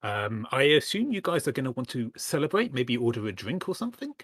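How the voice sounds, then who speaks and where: A man's voice: mid-range voice, big pitch swings, fairly quick, a bit bright, dry recording. Hesitant man narrating a tabletop game. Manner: hesitant, many ums, apologetic. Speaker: stand-in game master.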